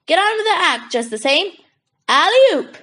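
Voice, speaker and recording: A woman voicing a nervous young male circus performer, hushed and hurried. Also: extremely high pitch, very animated, voice pushed up, exaggerated voice. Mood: urgent.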